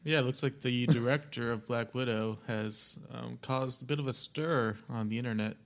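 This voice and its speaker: A young man co-hosting a film podcast, speaking in a calm, matter-of-fact way. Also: mid-range voice, normal speed. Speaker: podcast co-host. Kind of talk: casual chat.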